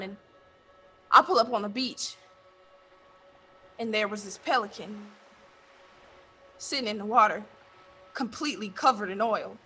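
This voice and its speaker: A woman playing a blunt middle-aged man who runs a coastal mission, telling his story on stage and getting heated and loud. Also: mid-range voice. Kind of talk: stage monologue from interviews.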